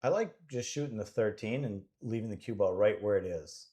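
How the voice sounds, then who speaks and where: A man's voice: fairly low pitch, a little fast, dark tone. A man giving casual live commentary on a pool match, rambling and joking as he thinks aloud about the shots.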